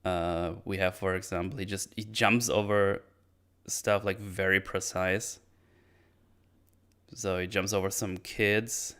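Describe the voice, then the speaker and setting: A man's voice: low-pitched, level tone, a bit bright, smooth. A man casually recapping a martial arts film, rambling and swearing freely. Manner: rambling, swears freely, puts on quick voices for characters. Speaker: film reviewer.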